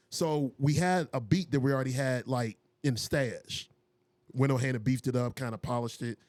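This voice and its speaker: A man's voice: moderate pace, dry recording. A man, a music producer and DJ, telling stories casually in an interview, acting out what people said. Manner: animated, acts out quotes with raised pitch.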